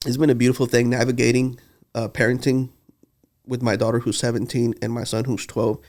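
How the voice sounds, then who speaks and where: A man's voice: medium pitch, flat delivery, brisk, darkish tone. A man, telling heartfelt stories in a casual podcast conversation. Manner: earnest, heartfelt storytelling. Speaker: podcast co-host.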